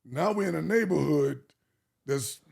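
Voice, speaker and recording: A man from Arkansas telling an animated life story as a podcast guest, acting out the people he quotes and swearing freely. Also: fairly high pitch, measured pace, gravelly, husky. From Arkansas, USA.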